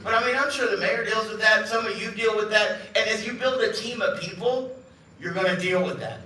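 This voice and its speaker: A middle-aged company head gives a live event speech to an audience in a large event room, joking, telling stories, and acting out the voices of people he quotes. His voice is high and bright with a forceful tone, and he talks a little fast. The room is echoey and he stands far from the mic.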